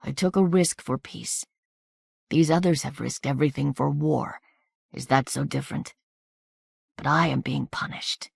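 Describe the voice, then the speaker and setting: Delirious hurt soldier guy mumbling soft and pleading, read by a woman, dry close sound. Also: rumbling low, fairly even intonation, a little slow, creaky, long pauses, husky, no room sound, exaggerated voice. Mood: fretful. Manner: soft, murmured, at times whispered. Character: delirious wounded soldier, young man, feverish and pleading.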